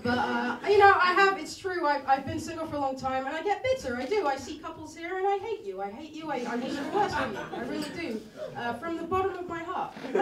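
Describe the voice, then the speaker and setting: A woman's voice: high voice, distant mic. A woman performing a stand-up comedy set, self-deprecating and rambling, often laughing at her own jokes. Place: comedy club stage. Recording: echoey club room, mic heard from afar, loud crowd.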